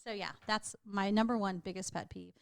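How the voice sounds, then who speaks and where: A woman's voice: mid-range voice, steady tone, moderate pace, gravelly, no room sound. A middle-aged woman with a Texan accent, co-hosting a podcast and telling stories in a chatty way, laughing often. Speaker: podcast co-host. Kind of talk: casual chat.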